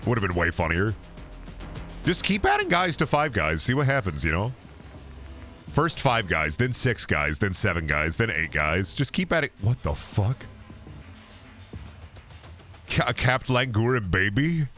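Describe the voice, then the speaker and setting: A man's voice: lowish voice, big pitch swings, unhurried, pauses often, sharp tone, faint music behind. A man streaming a game, rambling and joking crudely with lots of swearing. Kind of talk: casual gaming stream chatter.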